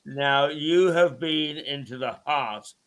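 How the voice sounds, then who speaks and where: A man presenting a radio show in a casual chat, talking haltingly with many restarts and chuckles. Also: fairly high pitch, fairly bright tone.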